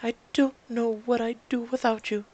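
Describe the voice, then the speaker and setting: Woman doing a soft-voiced grieving servant girl. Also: a little high, little pitch movement, moderate pace, pitched above the performer's own voice, close to an everyday voice, low-quality recording. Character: tearful young servant girl, gentle.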